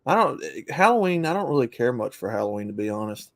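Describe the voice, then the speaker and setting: A man's voice: medium pitch, big pitch swings, quick pace, vocal fry, no echo. A young man chatting casually as a guest, laid-back and noncommittal, with a chuckle here and there. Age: young adult. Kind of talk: casual chat.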